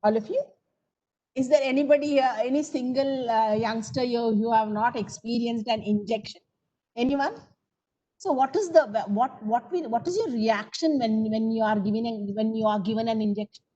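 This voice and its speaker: High-voiced Indian woman teaching online. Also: normal speed, warm tone, dull audio. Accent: Indian English. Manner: coaxing, asks the class questions and answers them. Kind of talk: online coaching lecture. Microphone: video call.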